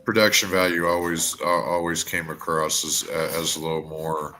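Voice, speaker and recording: A man's voice: low-pitched, little pitch movement, normal speed, sharp tone, slight background noise. A man co-hosting a wrestling podcast, chatting casually, stammering and swearing as he rambles. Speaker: podcast co-host.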